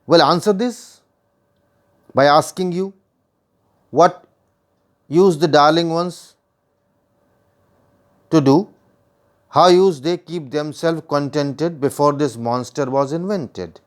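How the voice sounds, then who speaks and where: A man's voice: fairly high pitch, slow pace, long pauses. A man with an Indian English accent, teaching a poem line by line, repeating and rephrasing his points and putting questions to the listener.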